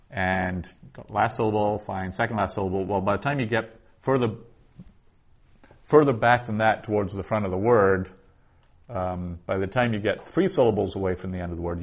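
A man teaching a Hebrew lesson, explaining slowly and thinking aloud with frequent restarts. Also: on the low side, breathy edge. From the West. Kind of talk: lecture on Biblical Hebrew.

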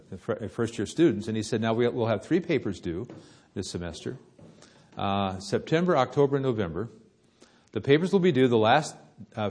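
A man preaching a sermon, telling a story with lively rises and hushed drops. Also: medium pitch, husky.

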